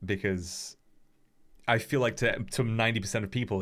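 Young man, host, low voice, casual chat, rambling, hedging. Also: steady tone, moderate pace, a bit bright. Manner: rambling, hedging with many fillers. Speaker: podcast host.

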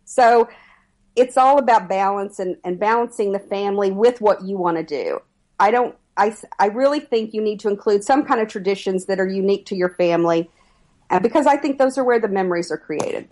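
A middle-aged woman speaking as an etiquette expert on a podcast. She talks in a measured, steady advising way. Her voice sits at an ordinary pitch for a woman. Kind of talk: podcast interview answers.

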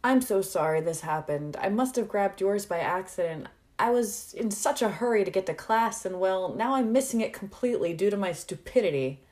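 A woman's voice: medium pitch, lively intonation, normal speed, few pauses, a little mellow, natural voice. A woman voicing a flustered, charming young male college student who is apologetic and bashful, in a read-aloud story.

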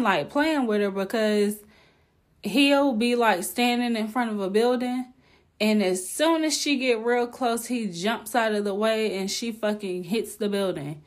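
A young woman hosting a podcast, telling a candid, exclaiming storytime with plenty of swearing. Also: fairly high pitch. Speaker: podcast host. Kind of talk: casual storytime monologue.

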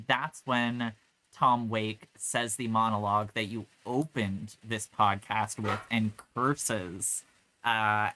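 A woman co-hosting a podcast who recaps a film in casual chat, telling it in an animated way, acting out quotes and laughing often. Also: a bass voice, rough recording. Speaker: podcast co-host.

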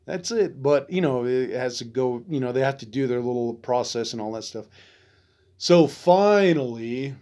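A man's voice: mid-range voice, normal speed, a little mellow. A man from Arizona hosting a veterans podcast, telling a story casually with loose, profane, frustrated asides.

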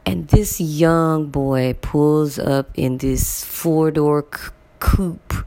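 A woman telling a personal story to her viewers in a casual, animated way, repeating words for emphasis. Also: deep voice, extremely slow. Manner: addresses viewers directly.

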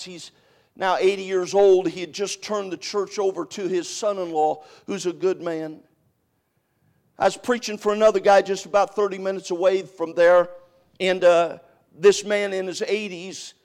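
An older man preaching a sermon, swinging between loud emphatic cries and hushed, quiet storytelling. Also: high-pitched.

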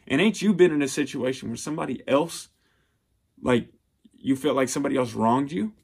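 A man's voice: medium pitch, animated, brisk, gravelly, a little mellow, slightly rough. A man speaking earnestly and from the heart about relationships, with frequent restarts and fillers. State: getting emotional. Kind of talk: personal motivational monologue.

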